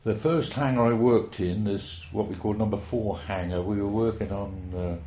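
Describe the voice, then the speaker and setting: A man's voice: on the low side, normal speed, mellow. A man, reminiscing at length in a rambling, hesitant, folksy way. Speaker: interviewee. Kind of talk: oral history reminiscence. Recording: roomy echo.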